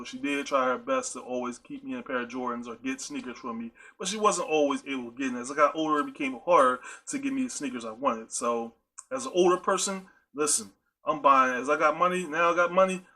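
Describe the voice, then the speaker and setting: Fast-talking, bright-voiced male podcast host. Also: on the high side. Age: adult with a high-school-age nephew. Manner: chatty, repetitive, addresses listeners directly; storytelling with playful asides. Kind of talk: casual monologue podcast.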